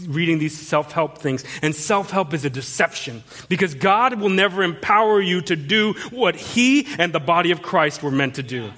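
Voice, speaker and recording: A man's voice: a little high, animated, normal speed, hardly any pauses, fairly bright tone. A man pastor delivering a sermon as an earnest, confessional personal testimony, often restarting his sentences.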